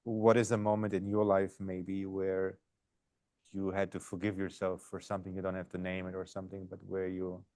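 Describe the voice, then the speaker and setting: A man hosting an interview, with a very low voice. He asks long questions haltingly, backing up and restarting as he goes. The recording is close and dry. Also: monotone, a little mellow, no room sound. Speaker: podcast host.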